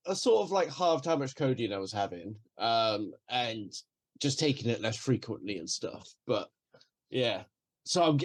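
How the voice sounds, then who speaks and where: A man co-hosting a podcast, chatting casually, laughing often and trailing off quietly. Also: medium pitch. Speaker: podcast co-host. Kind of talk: casual chat.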